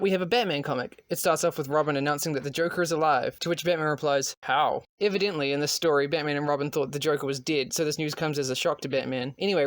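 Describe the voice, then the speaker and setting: A man's voice: on the high side, a little hiss or hum. A young man giving a wry, comedic voice-over narration for an animation video. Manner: wry, dry humor. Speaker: animation YouTuber.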